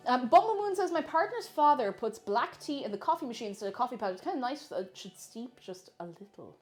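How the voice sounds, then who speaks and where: A woman's voice: sits high, big pitch swings, a little fast, faint music behind. Lady streamer chatting away while she bakes, laughs a lot, voice swings up and down. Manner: chatty, laughs often, reads out chat messages. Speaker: streamer baking live. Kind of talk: casual chat while baking.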